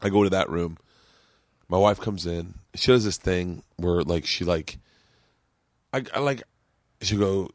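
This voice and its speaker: A middle-aged man from Florida hosting a podcast, telling crude, animated stories and acting out what people said. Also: sits low, unhurried, long pauses, no echo, studio quality. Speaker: podcast host. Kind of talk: casual comedy chat.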